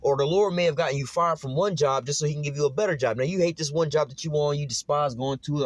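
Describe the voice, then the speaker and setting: Fast-talking, profane street preacher man. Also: no room sound. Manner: fervent, profane, slangy, repeats "man" and "you know what I'm saying"; rises to loud, high-pitched shouting when fired up. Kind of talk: street sermon.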